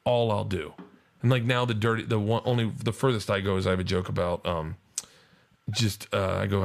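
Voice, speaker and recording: A man's voice: fairly low pitch, fairly quick, creaky. A man in his forties telling stand-up stories in a casual podcast chat, swearing freely and acting out the people in them. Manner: animated, profane, acts out voices in his stories. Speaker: stand-up comedian guest.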